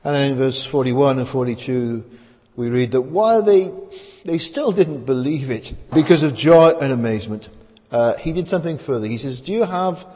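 A man preaching a sermon in a conversational way, asking rhetorical questions and often pausing with hesitations. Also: medium pitch, dark tone. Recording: long hall reverb.

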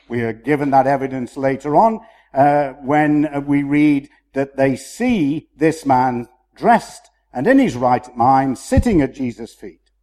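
A man preaching a sermon in a measured, emphatic way, slowing down to stress key phrases. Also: a little high, a little mellow.

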